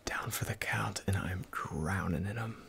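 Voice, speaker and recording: A man voicing a young woman in love, in a whispered role-play of a rap, soft and low. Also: measured pace, vocal fry, a little hiss or hum, exaggerated voice, poor audio. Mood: smitten.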